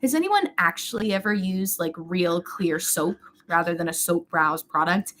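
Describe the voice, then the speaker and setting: A woman's voice: on the low side, lively intonation, normal speed, fairly bright tone. Young woman, beauty livestream host, chatty and rambling, casual. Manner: chatty, rambling, greets viewers by name. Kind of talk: casual chat while doing makeup.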